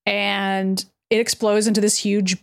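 A woman co-host casually recapping a show, laughing a lot as she retells scenes. Her voice sits in an ordinary middle pitch. The recording is dry and close. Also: measured pace, gravelly, no room sound. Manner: laughs often, quotes characters in flat retellings. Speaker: podcast co-host.

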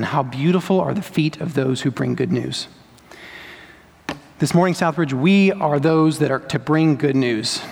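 Male pastor, slightly high voice, emphatic sermon delivery in a long-reverb church hall. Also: gravelly. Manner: emphatic preaching with repetition and rhetorical questions.

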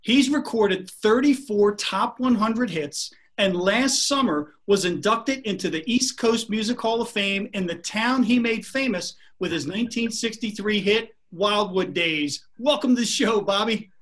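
A man's voice: sits high, expressive, measured pace, few pauses, fairly bright tone. A man co-hosting an interview show, mixing questions with dry joking asides. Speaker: show co-host. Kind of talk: casual interview chat.

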